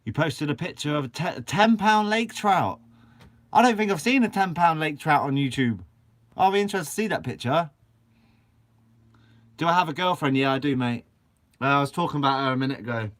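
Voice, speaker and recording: Fishing-channel host, young man from Guernsey, bubbly live-chat banter, slightly high voice. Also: lively intonation, a little fast, long pauses, fairly bright tone. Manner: chatty and upbeat, swears casually. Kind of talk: casual live-stream chat. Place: shed.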